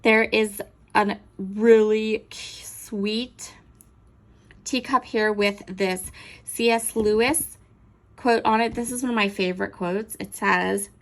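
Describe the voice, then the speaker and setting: A chatty, enthusiastic woman walks through a new craft haul in a casual, unhurried show-and-tell. She pauses to look things over and keeps her tone friendly and easygoing, at an ordinary middle pitch. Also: fairly even intonation. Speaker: crafting channel host.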